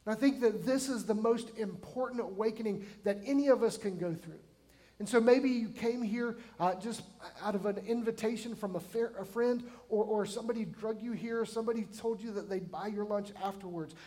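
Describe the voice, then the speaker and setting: Pastor in his forties, light high voice, conversational sermon with emphatic bursts and questions to the room. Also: a little fast, dark tone. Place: church sanctuary.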